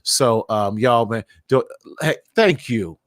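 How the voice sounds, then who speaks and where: Man, host, casual video-call chat, animated, laughs a lot, dry sound. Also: medium pitch, takes it slowly, no echo. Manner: animated, laughs often, repeats words. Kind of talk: casual live-stream chat.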